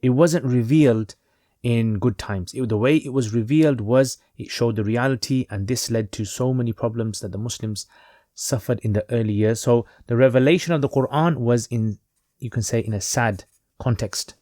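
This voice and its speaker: Calm man explaining a religious lesson. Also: mid-range voice, no room sound, studio quality. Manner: unhurried, reflective explaining with fillers. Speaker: Islamic teacher.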